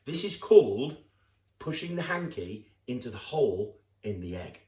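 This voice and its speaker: A man with an English accent, a children's magician, explaining a magic trick to kids in a playful, exaggerated way with bursts of excited shouting. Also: mid-range voice, normal speed. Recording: echoey room, from a distance.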